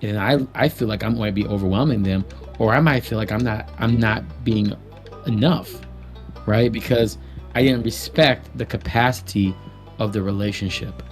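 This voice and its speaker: A low-voiced man speaks earnestly as a podcast co-host, weighing his thoughts in a reflective way. Faint music sits underneath his voice. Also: moderate pace. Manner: earnest and reflective, sharing personal views. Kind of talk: casual podcast chat.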